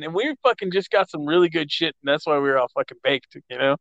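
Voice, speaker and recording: Pushy animated guy cutting in w/ his version, muffled dry audio. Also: fairly high pitch, quick pace, no room sound. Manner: animated, interrupting, profane. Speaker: podcast regular. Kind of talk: casual storytelling.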